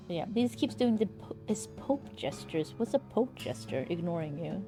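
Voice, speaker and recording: Animated young woman streamer. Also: medium pitch, normal speed, few pauses, soft background music. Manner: animated, swears freely, talks straight to chat. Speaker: live streamer. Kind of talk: casual gaming stream chat.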